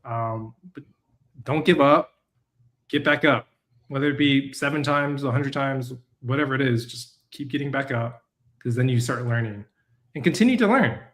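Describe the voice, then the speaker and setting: A man's voice: medium pitch, moderate pace, fairly bright tone. A man being interviewed as a guest, speaking earnestly and encouragingly. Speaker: guest, resilience coach. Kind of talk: interview conversation.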